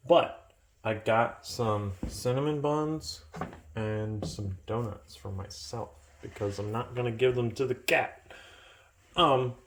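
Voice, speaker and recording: A man rambling through a calm, meandering vlog at home while his food cooks. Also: noisy background. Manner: slow, meandering and low-key, trailing off. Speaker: vlogger. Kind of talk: rambling casual vlog monologue. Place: at home in a kitchen, cooking. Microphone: phone camera.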